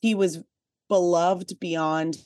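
A woman's voice: fairly low pitch, steady tone, slow, a little mellow, dry recording. A woman co-hosting a podcast, telling a personal story in casual chat, with chatty "like" fillers and emphatic asides. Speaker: podcast co-host.

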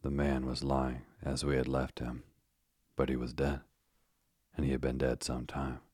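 Very deep, husky male narrator. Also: completely flat delivery, a little slow, a little mellow, no room sound, studio quality. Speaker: audiobook narrator. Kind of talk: scripted first-person narration.

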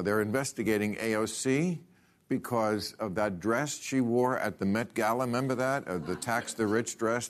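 A man's voice: fairly low pitch, a little hiss or hum. An older man as a talk show host, delivering a sardonic stand-up monologue in a studio. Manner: sardonic, punchy joke delivery. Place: TV studio with live audience. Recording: loud crowd laughter and applause.

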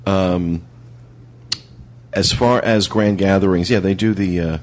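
A man with a low voice hosting a podcast, introducing voicemails and thanking callers. He talks in a relaxed, easygoing way. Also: takes it slowly. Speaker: podcast host reading voicemails.

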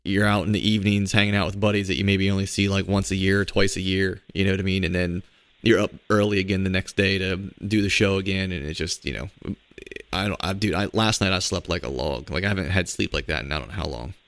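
A middle-aged man hosts a casual podcast in a hoarse voice, because he is getting over a cold. His voice sits very low and gravelly, and he talks in an easygoing way. The recording is dry and close to the mic. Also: steady tone, fast talker, fairly bright tone, no echo. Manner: laid-back, chatty, laughs often. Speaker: podcast co-host.

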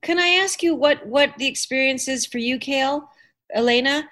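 A woman hosting a relaxed chat, quick to poke fun at herself. Her voice sits a little high and stays loose and conversational. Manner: chatty, self-deprecating, joking. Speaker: podcast host. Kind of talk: casual interview chat.

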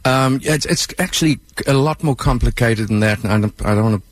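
A man's voice: mid-range voice, fairly quick, no room sound. A man with a South African accent, a musician and film composer, explaining his work at length in a radio interview.

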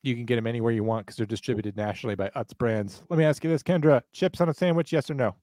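A man's voice: mid-range voice, rapid-fire, warm tone, no room sound. A man co-hosting a podcast, doing playful, overplayed ad reads in a casual, joking way. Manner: jokey, overplayed sales energy. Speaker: podcast co-host reading ads.

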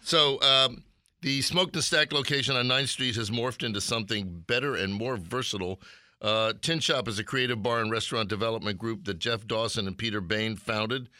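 Man, radio co-host, middle-aged, joking, bright voice, dry close mic. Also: mid-range voice, moderate pace, no echo. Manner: joking, teasing, playful banter. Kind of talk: casual radio chat.

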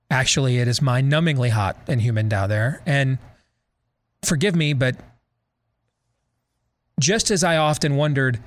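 A man's voice: mid-range voice, unhurried, pauses often. An American man hosting a talk show, delivering a sarcastic monologue full of rhetorical questions and leading questions to his co-hosts. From United States.

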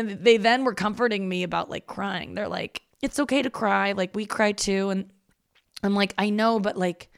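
A woman in her thirties hosting a podcast, talking candidly and rambling in a self-deprecating way, swearing freely. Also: lowish voice. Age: 30s. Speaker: podcast host. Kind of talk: casual confessional monologue.

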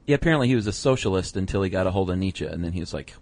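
A man's voice: low-pitched, animated, very fast, a little mellow, dry recording. A man co-hosting a podcast in casual conversation, laid-back and joking, often laughing. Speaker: podcast co-host.

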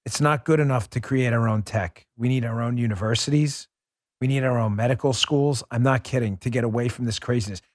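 A man's voice: medium pitch, fairly quick, no echo. A male host talks close to a dry studio mic in a mid-range voice. He delivers political commentary emphatically and with sarcasm. He often drifts into rambling asides. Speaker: podcast host.

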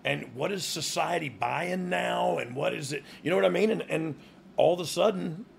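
A man's voice: on the high side, normal speed, gravelly, a little hiss or hum. A middle-aged man, telling rambling, laughing stories as a podcast host. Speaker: podcast host, former wrestler. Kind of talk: casual chat.

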